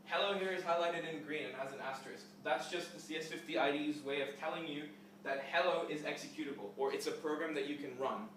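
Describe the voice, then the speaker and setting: A man's voice: mid-range voice, background noise. A young man giving a casual classroom lecture with a live coding demo, explaining step by step with fillers. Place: lecture hall. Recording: echoey hall, mic at a distance.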